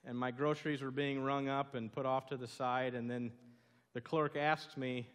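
A man's voice: mid-range voice, flat delivery, moderate pace, fairly bright tone, smooth. A man with a Southern American accent preaching a sermon as a pastor, telling stories and asking the congregation questions. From southern United States. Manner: storytelling, conversational, asks the congregation questions. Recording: long hall reverb.

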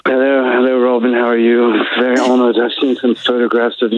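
A caller putting on a star's voice, as a man does a bad impression, sounding muffled and tinny through a thin phone line. The voice stays at an ordinary middle pitch, with the crushed highs and close, dry sound of a phone call. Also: flat delivery, a little fast, no room sound, natural voice. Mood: eager. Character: caller faking a British film actor on a bad line. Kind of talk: prank impression.

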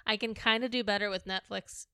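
A woman's voice: mid-range voice, steady tone, brisk, bright, forceful tone, smooth, dry recording, studio quality. A young woman co-hosting a podcast in casual chat, matter-of-fact and teasing. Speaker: podcast co-host.

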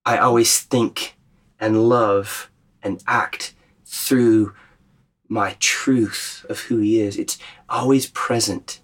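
A man leading a group retreat, teaching in a thoughtful, gently questioning way. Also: on the low side, steady tone, takes it slowly, breathy edge. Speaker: retreat leader. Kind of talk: reflective spiritual teaching.

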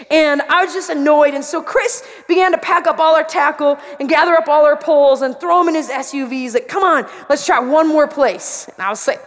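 A high-voiced woman pastor preaching to students, shifting into animated storytelling and acting out her own alarm. Her voice carries with a long reverb, as if filling a large hall. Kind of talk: sermon to students with a personal story.

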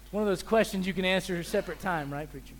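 A man preaching a sermon as pastor, telling animated stories and acting out the people in them. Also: high-pitched, rapid-fire, slight background noise. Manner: animated storyteller, acts out people's voices. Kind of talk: sermon with storytelling.

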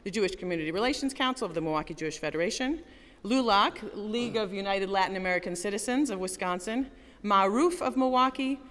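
A woman's voice: medium pitch, quick pace, fairly bright tone, long reverb tail. A woman giving an earnest public speech at a community rally, building her points in rhythmic lists.

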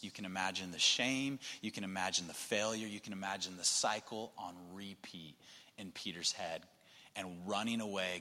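A man preaching a sermon, dropping to a hushed low voice and then rising to loud, emphatic lines. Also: normal speed. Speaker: pastor. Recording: long hall reverb.

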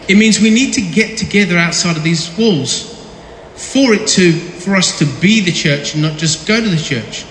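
Recorded in a large, echoey church hall with long reverb, a man preaches a conversational, jokey sermon with audience interaction. He frequently restarts, repeating words, in a high-pitched, fairly bright voice over slight background noise.

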